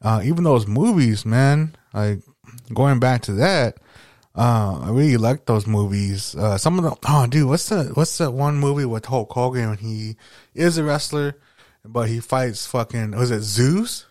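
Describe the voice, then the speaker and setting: A man's voice: mid-range voice, lively intonation, measured pace, darkish tone, no echo, studio quality. A man hosting a podcast, chatting casually and nostalgically, rambling with lots of fillers and swearing. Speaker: podcast host.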